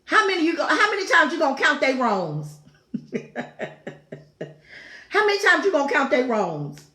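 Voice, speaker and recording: A woman's voice: high-pitched, very animated, moderate pace, sharp tone. A woman hosting a talk show, giving a fervent, preaching-style devotional talk with repeated phrases and exclaimed asides. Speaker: talk show host teaching scripture. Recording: echoey room.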